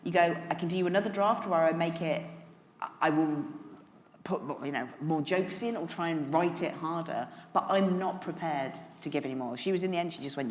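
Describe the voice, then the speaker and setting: Fast-talking woman with a low voice. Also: big-room sound. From England, West Midlands. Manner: candid, chatty, laughing often, swears. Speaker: guest author. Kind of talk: on-stage conversation at a lunch event. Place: large hotel function room.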